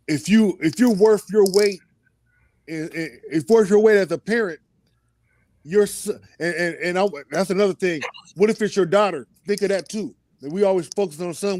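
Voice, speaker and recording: A man's voice: high voice, a little mellow, dry recording. A man chatting casually on a talk show, telling loose, profane stories and acting out quotes from his kids. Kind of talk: casual chat.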